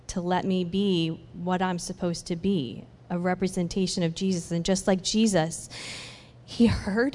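A woman sharing a personal faith testimony in an animated storytelling way, acting out the conversations she describes. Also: mid-range voice. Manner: animated storytelling that acts out dialogue, with laughs. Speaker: church speaker sharing a testimony. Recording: long hall reverb.

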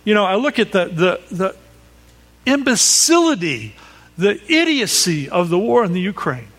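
A man preaches to a crowded room, telling a story with quick asides and checks on his listeners. His voice sits high and swings widely in pitch. The sound rings with a long hall reverb. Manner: animated storytelling, asides to the audience, acts out quoted cries. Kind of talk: sermon with personal story. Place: large hall with audience.

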